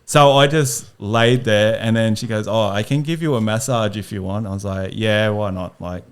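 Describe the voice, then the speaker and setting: A man's voice: lowish voice, moderate pace, smooth. A young man, a podcast guest, telling a self-deprecating story and laughing through it. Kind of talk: casual storytelling.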